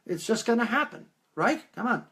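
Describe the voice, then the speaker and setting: A man giving a live-stream talk as a medium, taking viewer questions and telling stories with lively acted-out quotes. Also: extremely high pitch, normal speed. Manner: animated storytelling, acts out quoted voices.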